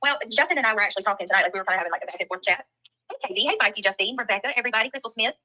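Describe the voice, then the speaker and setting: This Southern US woman talks very fast at a medium pitch, her tone sharp, as she hosts a livestream and casually greets viewers by name while reading their comments. The recording is rough.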